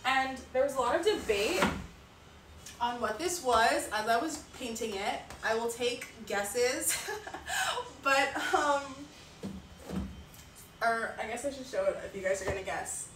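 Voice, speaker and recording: A woman's voice: fairly high pitch, expressive, unhurried, long pauses, fairly bright tone. Chatty woman telling a story in a roomy space. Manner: chatty, lots of fillers, sighs. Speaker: artist and streamer. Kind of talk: casual storytelling on a livestream. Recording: roomy sound, mic at a distance, faint noise.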